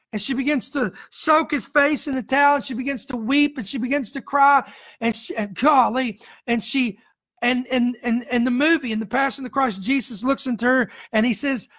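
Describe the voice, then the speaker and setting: High-voiced, fervent woman preacher. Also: a bit bright. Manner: emotional, fervent, repetitive "come on" exhortations. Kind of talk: sermon.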